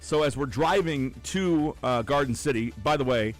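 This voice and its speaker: A man's voice: mid-range voice, moderate pace, faint music behind. A man co-hosting a morning radio show, chatting casually, chuckling and explaining things at length. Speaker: radio co-host.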